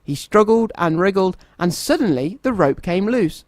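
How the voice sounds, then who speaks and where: A man reading a children's story aloud in a gentle, expressive storytelling manner. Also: high voice, moderate pace, dry recording.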